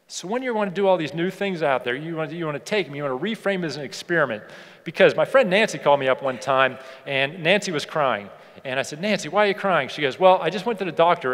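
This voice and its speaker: Male keynote speaker, fairly high voice, punchy and repetitive, miked on stage in a large hall with long reverb. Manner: energetic, emphatic, repeats phrases for effect. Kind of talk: motivational keynote speech.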